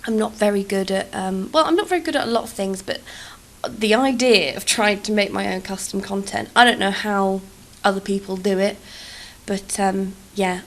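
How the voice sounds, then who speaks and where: This English YouTuber, a young woman, rambles over gameplay in a self-deprecating way, cursing freely. Her mid-range voice carries an accent that shifts between posh and Cockney.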